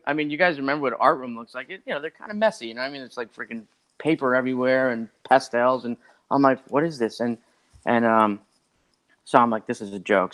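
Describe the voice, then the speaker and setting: A man who is a podcast guest, telling a long story in a rambling, animated way and acting out what other people said. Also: medium pitch. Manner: rambling and animated, acts out others' lines, many "like" fillers. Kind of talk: casual storytelling.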